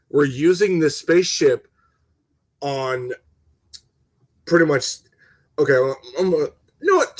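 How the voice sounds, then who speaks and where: A man's voice: a little high, no room sound. Heated, swearing man ranting on stream. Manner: heated, swearing, stammering restarts; talks to viewers and reads chat comments. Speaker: gaming channel host. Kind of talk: casual live-stream rant.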